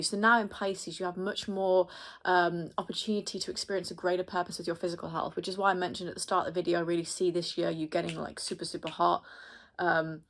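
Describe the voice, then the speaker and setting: A woman astrologer talks viewers through a casual horoscope reading. Her voice sits on the low side, with a gravelly, creaky edge. She rambles in a friendly way, leans on fillers, and laughs at herself as she goes. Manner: chatty, rambling, filler-heavy, addresses viewers directly.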